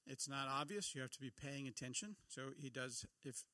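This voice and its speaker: A man's voice: mid-range voice, lively intonation, moderate pace, pushed and bright, no echo. A middle-aged man giving a conversational sermon, often asking his listeners questions. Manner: conversational, asks the audience questions. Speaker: pastor.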